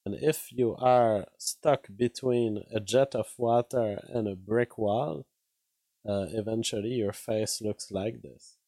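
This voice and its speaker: Slow-talking man hosting news commentary. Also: on the low side, steady tone, mellow, dry recording. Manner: wry, laughs at his own points. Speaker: host.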